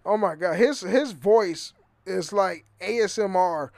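A man's voice: high voice, unhurried, vocal fry, a little mellow, no room sound. A man hosting his own podcast, rambling and swearing freely, often stumbling over repeated words and laughing. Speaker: podcast host. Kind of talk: casual solo podcast rant.

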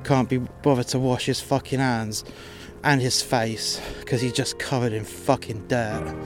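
A man in the middle of a story about a difficult customer, talking bluntly and swearing freely. His voice sits at an everyday middle pitch. Music plays clearly behind him. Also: fairly even intonation, a little slow. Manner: blunt, sweary, exasperated retelling. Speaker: podcast host telling work stories. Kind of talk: casual storytelling monologue.

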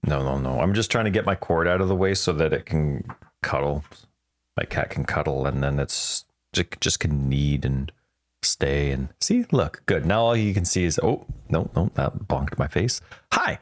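A man's voice: a bass voice, expressive, moderate pace. A man co-hosting a casual gaming podcast from home at a desk mic, talking in a rambling, chatty way. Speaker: podcast co-host. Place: home recording setup with a cat nearby. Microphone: desk microphone.

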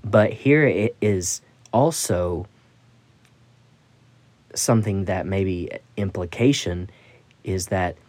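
A man's voice: low-pitched, takes it slowly, pauses often, darkish tone, no echo. A man hosting a Bible study podcast, teaching scripture in a thoughtful, musing way with frequent restarts.

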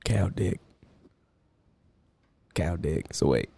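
A man with a very low, gravelly voice plays along in a mock-earnest cowboy drawl and gives deadpan answers. His pitch still moves around a lot beneath the rasp. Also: moderate pace. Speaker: podcast co-host. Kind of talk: joking banter in a put-on cowboy voice.

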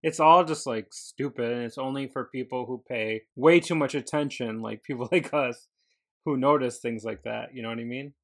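A man's voice: mid-range voice, normal speed, fairly bright tone. A man co-hosting a casual wrestling podcast, chatting and joking in an easygoing way. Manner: joking, laid-back commentary. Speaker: podcast co-host.

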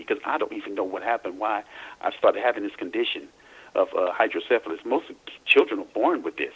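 A man from Louisiana, a guest in a casual phone interview, telling his story in a halting way full of restarts and repeats. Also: fairly low pitch, fairly bright tone, breathy edge, rough recording.

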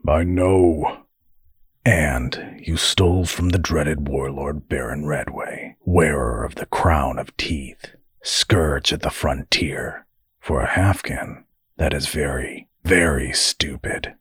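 A man's voice: extremely low pitch, takes it slowly, fairly bright tone, husky, no room sound, studio quality, voice pushed down, full character voice. A man voicing a blunt young male halfkin who scolds his brother, in an audiobook fantasy story. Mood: scolding.

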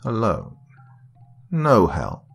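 Guy doing a creepy whispery voice in someone's head, super slow broken words, gravelly. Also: fairly low pitch, huge pitch swings, soft background music, pitched above the performer's own voice, exaggerated voice. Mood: cruel taunting. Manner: slow, broken, clipped phrases. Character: menacing disembodied voice in a man's head, cruel.

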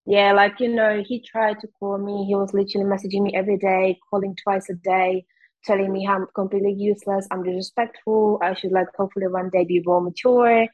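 Czech-accented woman chatting fast on a podcast, lots of likes, kinda dull lo-fi sound. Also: medium pitch. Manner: candid, fast, heavy use of "like". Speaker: guest. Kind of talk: casual interview chat.

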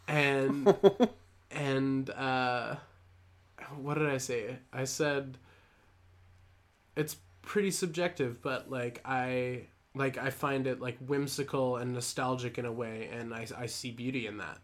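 A man's voice: mid-range voice, steady tone, slow. A young man co-hosting a casual chat, telling a long awkward anecdote with frequent laughs and restarts. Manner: rambling, self-deprecating, laughs often. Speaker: podcast co-host.

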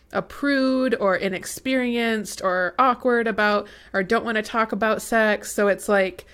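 A woman's voice: medium pitch, fairly bright tone. A young woman co-hosting a podcast in casual chat, talking with lots of likes and ums and laughing often. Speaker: podcast co-host.

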